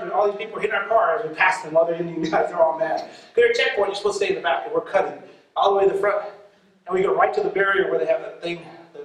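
High-voiced man preaching in an echoey hall. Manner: animated, laughing, acts out voices in his story. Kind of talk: sermon testimony storytelling. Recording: echoey and distant from mic, audience noise.

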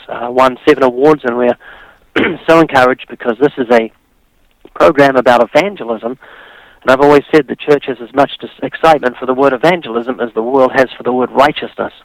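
A man with a New Zealand accent speaks as a radio interview guest. He tells his story in a steady, dry-humored way. The sound is close and dry, with no room around it. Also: medium pitch, gravelly, no room sound, low-quality recording.

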